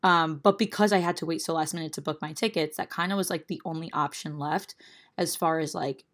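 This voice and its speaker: A young woman telling a story on a casual podcast, animated and full of filler words. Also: sits low, brisk.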